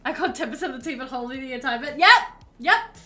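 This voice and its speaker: A woman's voice: high-pitched, animated, fast, sharp tone, soft background music. A woman streamer telling a story casually, rambling along with plenty of fillers while she paints at home.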